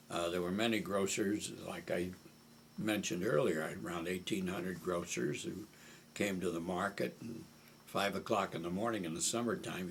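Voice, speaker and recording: Older man, low voice, unhurried storyteller. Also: slight background noise. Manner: unhurried, with frequent hesitations. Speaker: oral history interviewee. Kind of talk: reminiscing storytelling.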